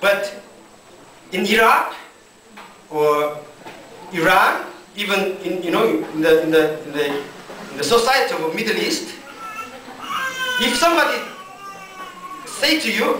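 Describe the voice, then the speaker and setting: High animated pastor in echoey hall. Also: male voice, a little hiss or hum. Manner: slow deliberate non-native English with many fillers and restarts. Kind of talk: sermon. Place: church hall. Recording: echoey church hall from far off.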